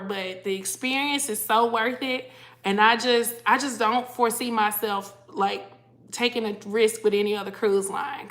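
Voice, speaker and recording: A woman's voice: on the high side, a bit bright. A tired woman chatting casually on a livestream, greeting viewers by name and reading their comments aloud. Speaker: cruise vlogger hosting a livestream.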